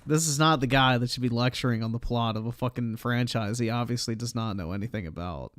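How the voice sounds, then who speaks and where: A man's voice: mid-range voice, quick pace, hardly any pauses, fairly bright tone, no room sound, clean studio sound. A man streaming live, reacting to a video with exasperated, profane commentary. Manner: exasperated, swears often.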